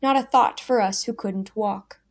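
A woman's voice: mid-range voice, measured pace. Woman putting on a whiny crippled old man. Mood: whining. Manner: whiny, sighing.

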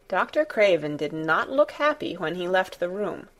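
A woman narrating a classic children's novel in a steady, measured storytelling manner. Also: on the low side. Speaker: audiobook narrator. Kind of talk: scripted narration.

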